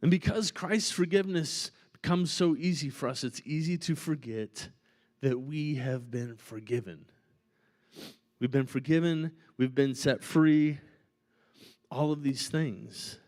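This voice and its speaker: A man preaching as a pastor, in a conversational and animated style, often checking in with "right?". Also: on the high side, unhurried. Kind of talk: sermon. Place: church auditorium.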